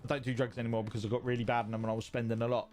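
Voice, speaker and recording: A man's voice: mid-range voice, flat delivery, rapid-fire, darkish tone, soft background music. Sweary man chatting on stream. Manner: rambling, sweary, repeats himself. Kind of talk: casual livestream chat reading viewer messages. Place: home streaming setup.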